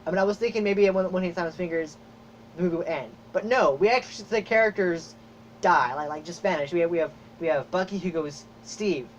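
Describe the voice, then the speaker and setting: A man hosting a podcast, chatting casually and excitedly, rambling with lots of fillers and acted-out reactions. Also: high-pitched, quick pace. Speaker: podcast host. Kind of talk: casual chat. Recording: dull lo-fi audio with faint noise.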